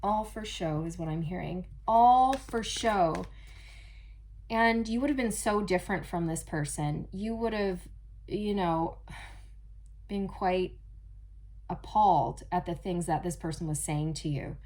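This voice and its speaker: A woman giving a casual channeled tarot reading, chatty and animated, often addressing her viewers directly. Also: on the low side, unhurried, a little hiss or hum. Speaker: tarot reader.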